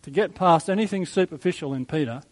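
A man preaching a sermon in a conversational, reflective way, with soft chuckles. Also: a little high, fast, rough recording. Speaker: pastor.

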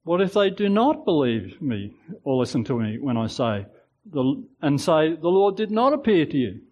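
A preacher putting on a nervous Moses. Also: male voice, a little high, very animated, moderate pace, darkish tone. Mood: pleading. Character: reluctant, anxious Moses, older man.

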